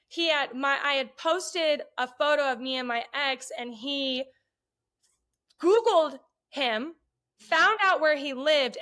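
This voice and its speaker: A woman, a podcast guest, telling casual stories bluntly and with lots of swearing, acting out the voices of the people in them. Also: high voice. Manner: blunt, profane, animated retelling with quoted voices. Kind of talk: casual storytelling chat.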